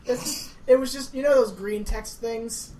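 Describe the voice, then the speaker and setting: A woman's voice: fairly high pitch, unhurried, mellow, low-quality recording. Woman chatting on a podcast, wry and dry, faint hiss behind. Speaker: podcast co-host. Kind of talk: casual chat.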